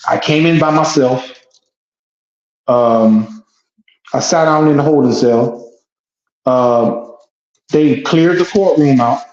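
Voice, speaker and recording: A man who is a guest telling an emotional first-person story, animated and blunt, repeating phrases and swearing. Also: medium pitch. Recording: echoey dull lo-fi room.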